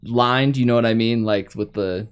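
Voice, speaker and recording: A man's voice: mid-range voice, moderate pace, smooth. Chatty young guy telling stories. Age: young adult. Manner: storytelling with lots of fillers. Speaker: podcast host. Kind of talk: casual chat.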